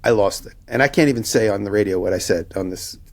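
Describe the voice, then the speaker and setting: A man on a podcast telling a story in casual chat, animated and acting out the people in it. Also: fairly low pitch, fast. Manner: animated anecdote telling, acting out both sides of quoted exchanges. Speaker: podcast co-host.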